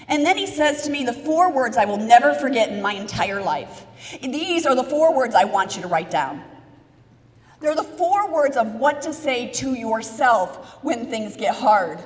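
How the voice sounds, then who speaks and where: A fairly high-pitched American woman speaks at a measured pace while giving a live motivational keynote. Energetic and story-driven, she poses questions to her audience and tells them what to do, her words echoing around a large event hall.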